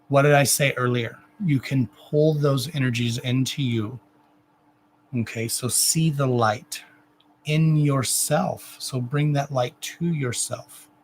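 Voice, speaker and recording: A man giving an oracle card reading on a live stream, speaking gently and emotionally to the viewer with endearments and lots of repetition. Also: mid-range voice, a little hiss or hum, low-quality recording. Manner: repetitive, emotional, self-interrupting.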